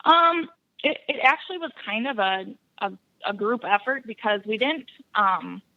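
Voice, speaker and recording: With a fairly high voice at a moderate pace and lo-fi sound, a woman from Buffalo County, Wisconsin, tells hunting stories as a podcast guest. The interview is casual, and she's animated, laughing often as she spins her tales.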